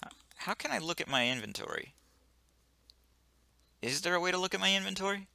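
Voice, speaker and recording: A man's voice: sits high, lively intonation, brisk, gravelly, pushed and bright, no echo. A man giving casual gameplay commentary with wry, joking asides. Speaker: let's player.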